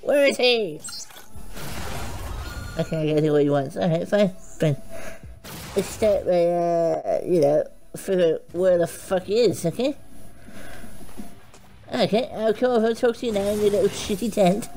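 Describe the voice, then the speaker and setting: A woman giving foul-mouthed, excitable gameplay commentary, swearing and shouting at the characters on screen. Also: on the low side, moderate pace, long pauses. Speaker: gaming channel host. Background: game music.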